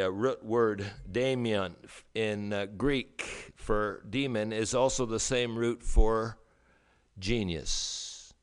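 A man preaching a sermon as a pastor, emphatic, with rhetorical questions and dramatic pauses. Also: mid-range voice, fairly bright tone, clean tone.

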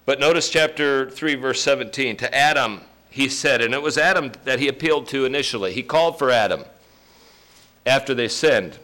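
Lively man preaching. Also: mid-range voice, moderate pace. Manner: folksy, joking asides with sudden loud emphasis. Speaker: pastor. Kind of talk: sermon.

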